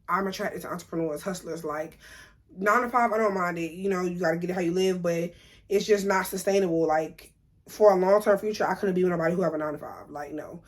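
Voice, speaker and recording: A young woman, talking casually to camera, blunt and opinionated, repeating her points for emphasis. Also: on the low side. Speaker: vlogger.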